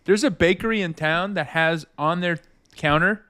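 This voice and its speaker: A man's voice: sits high, moderate pace, pushed and bright. A man co-hosting a podcast, chatting casually in a rambling way and laughing often. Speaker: podcast co-host. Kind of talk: casual chat.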